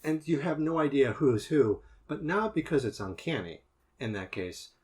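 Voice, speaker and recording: A man's voice: medium pitch, very animated, normal speed, a little mellow. A man co-hosting a podcast, thinking aloud as he analyzes horror films in a casual discussion. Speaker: podcast co-host.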